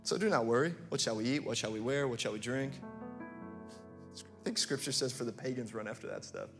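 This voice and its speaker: A man preaching a sermon, reading scripture and talking to the congregation, building to impassioned, near-shouted calls. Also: medium pitch, big pitch swings, fairly quick, faint music behind. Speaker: pastor.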